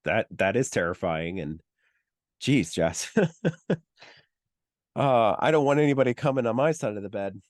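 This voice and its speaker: A man's voice: fairly low pitch, expressive, measured pace, long pauses, no room sound. Male co-host reacting, dry sound. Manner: reactive, short supportive responses. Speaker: podcast co-host. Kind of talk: casual chat.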